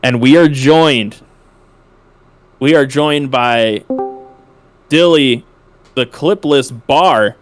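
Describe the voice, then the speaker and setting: A man hosting a post-match interview with the winning team, excited and drawn-out in his emphasis. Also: mid-range voice, soft background music. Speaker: esports caster interviewing winners.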